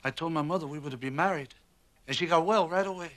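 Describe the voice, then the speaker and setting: A man's voice: a little high, fast talker, fairly bright tone, lightly acted. An actor playing a nervous, mother-bound middle-aged man, speaking anxious, earnest film dialogue.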